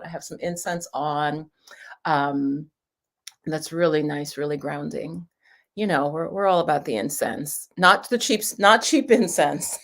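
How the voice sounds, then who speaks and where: A woman with a slightly low voice hosts a casual livestream from her home. She chats in a loose, rambling way, greeting viewers as they join. She sits on the floor as she talks. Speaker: livestream host, angel card reader. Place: home room, sitting on the floor.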